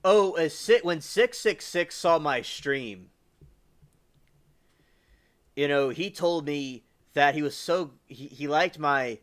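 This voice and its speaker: A man's voice: fairly high pitch, takes it slowly, pauses often, fairly bright tone. A man from the US South hosting a livestream, rambling casually with lots of fillers and restarts. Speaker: livestream host.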